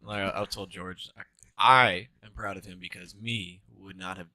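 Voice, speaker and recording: A man's voice: sits low, fairly even intonation, normal speed, pushed and bright. A young man in his twenties co-hosting a casual podcast, blunt and argumentative, talking in slang. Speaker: podcast co-host. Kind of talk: casual chat.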